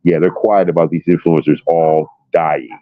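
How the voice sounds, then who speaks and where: A man's voice: a bass voice, level tone, moderate pace, background noise. A man in casual chat, talking bluntly and emphatically with a lot of swearing. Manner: blunt, profane, emphatic storytelling. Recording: dull lo-fi audio.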